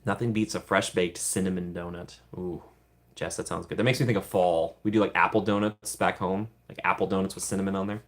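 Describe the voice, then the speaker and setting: Chatty low-voiced man. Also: steady tone, fast. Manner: chatty and playful, giggles often. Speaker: streamer answering live chat. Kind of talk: casual livestream chat.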